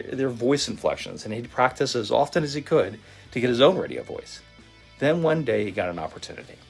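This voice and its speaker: A man telling a motivational story in a vivid, animated storytelling manner. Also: mid-range voice, slightly rough. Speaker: motivational speaker. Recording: faint guitar music behind. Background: soft guitar music.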